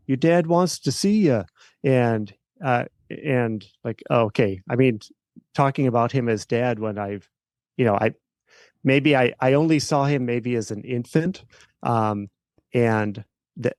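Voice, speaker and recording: A middle-aged man speaks as a podcast guest, telling a personal story. He talks haltingly, with many fillers and restarts. His voice sits at an ordinary pitch, and a close mic keeps the sound dry. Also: darkish tone, no room sound. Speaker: podcast guest, estate planning attorney.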